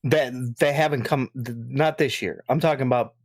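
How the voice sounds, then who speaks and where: A man's voice: mid-range voice, fairly even intonation, normal speed, no echo, clean studio sound. A man ranting on a gaming podcast, exasperated and profane, often repeating himself. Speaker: podcast co-host. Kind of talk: heated podcast rant.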